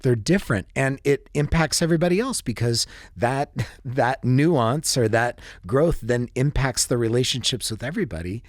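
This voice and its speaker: A man's voice: medium pitch, normal speed, hardly any pauses, no echo. A middle-aged man, a podcast guest, talking thoughtfully and at length in casual conversation. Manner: thoughtful, wordy, with dry jokes.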